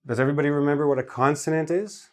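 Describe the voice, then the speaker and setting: A Canadian man teaching an English lesson, speaking slowly and enunciating each syllable with care. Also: on the high side, fairly even intonation. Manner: slow, carefully enunciated, stresses each syllable. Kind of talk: scripted lesson to camera.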